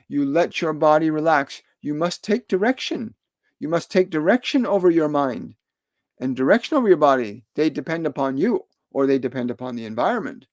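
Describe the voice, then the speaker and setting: A middle-aged spiritual medium answers viewers' questions on a live stream, giving calm, repetitive and soothing instructions. His voice is a little high and the recording has no room sound.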